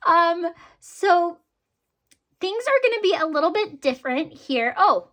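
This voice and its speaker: A woman's voice: very high-pitched, sing-song, unhurried, sharp tone. A woman vlogger chatting casually to her viewers about her budget, upbeat, with frequent ums and laughs. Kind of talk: casual chat to camera.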